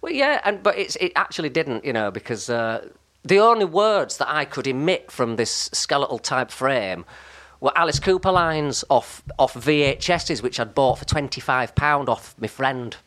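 A man with a high, light voice, chatting as a guest and wandering off into comic, self-mocking tangents with many restarts. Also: animated, normal speed, a bit bright. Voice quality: high, light voice that never broke. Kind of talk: casual chat.

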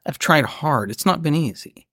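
A man with a gravelly, fry-edged voice and a Southern US accent, trading teasing, deadpan banter as a podcast co-host. His voice is recorded close and dry, with no room sound around it. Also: a little high, moderate pace, no echo. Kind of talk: casual chat.

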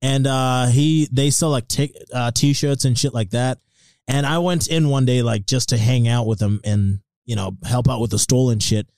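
A man's voice: medium pitch, steady tone, moderate pace, darkish tone, no echo. A man, a podcast co-host telling crude stories in casual banter with friends. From Queensland, Australia. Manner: crude, laughing storyteller.

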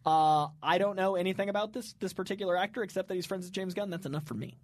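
A man's voice: sits high, fast talker, no room sound. A man co-hosting a podcast in casual chat, enthusiastic and rambling. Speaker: podcast co-host.

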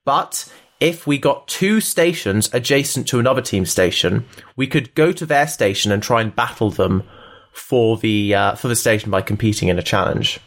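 A man's voice: medium pitch, moderate pace. A young man co-hosting a podcast, talking with eager enthusiasm and explaining things at length in casual chat. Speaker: podcast co-host.

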